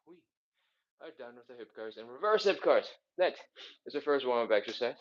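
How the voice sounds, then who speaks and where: A man's voice: medium pitch, big pitch swings, a little fast, lo-fi sound. A man coaching a live follow-along stretching workout, counting reps and out of breath as he exercises. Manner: counts reps aloud, casual and encouraging, sighing between moves. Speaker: fitness instructor.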